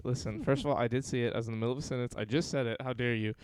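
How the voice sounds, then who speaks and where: A man with a Southern US accent hosting a casual podcast chat, telling stories in an animated way and laughing often. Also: medium pitch, rapid-fire, hardly any pauses, a little hiss or hum. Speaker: podcast host.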